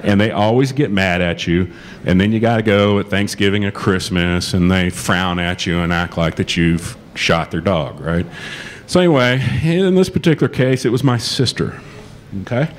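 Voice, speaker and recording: A middle-aged law lecturer with a low voice gives a casual, joking talk to a live audience in a conference hall, speaking at normal speed and often acting out quoted dialogue. There's a little hiss or hum in the audio.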